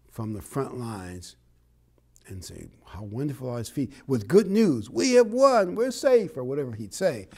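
A man's voice: mid-range voice, mellow. A man preaching a sermon in a conversational, encouraging way, telling a parable and chuckling now and then.

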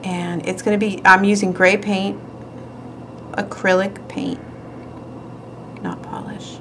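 A woman's voice: mid-range voice, level tone, slow, vocal fry, background noise. Woman host, casual and giggly, narrating hands-on craft work; light room ambience. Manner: chatty, giggly, talks while working. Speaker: nail art tutorial host.

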